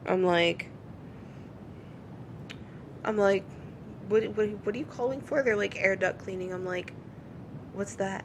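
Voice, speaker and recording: A woman in casual podcast chat, retelling calls by playing both voices and swearing without restraint. Her pitch sits in the middle range for a woman. A faint low rumble runs under the recording. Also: slow pace, long pauses. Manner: animated storyteller, swears freely, acts out both sides of calls. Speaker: podcast co-host.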